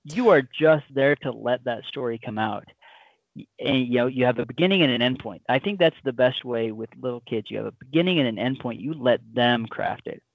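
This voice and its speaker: A man's voice: medium pitch, brisk, creaky, dry recording, muffled recording. A man in casual podcast chat, talking enthusiastically and rambling with many fillers.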